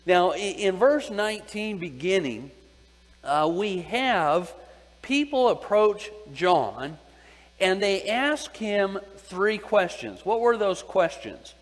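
Male preacher, high voice, unhurried, asks his congregation questions and repeats himself, long echo of a big hall. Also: sing-song. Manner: deliberate, asks the audience questions and repeats key phrases. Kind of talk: Bible teaching sermon.

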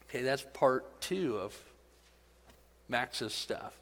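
A middle-aged man preaching a sermon in a conversational, animated way, building to excited emphasis. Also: medium pitch, slow pace. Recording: long hall reverb.

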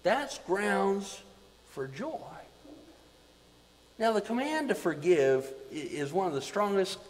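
A man preaching a sermon as pastor, swinging between loud emphasis and quiet, repeating words for weight. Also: high voice, animated, slow pace, long reverb tail, rough recording.

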